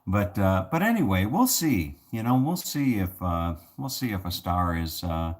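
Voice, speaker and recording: Deep-voiced man rambling in a vlog. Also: very animated, normal speed. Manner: rambling, many fillers and restarts. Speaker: vlogger. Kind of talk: casual rambling monologue.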